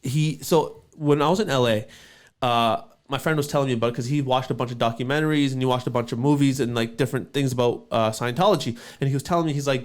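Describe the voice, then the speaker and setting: Young man, from canada, casual podcast storytelling, swears freely, lots of fillers, mid-pitched voice. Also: quick pace. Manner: loose, swearing, many fillers. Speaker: podcast host.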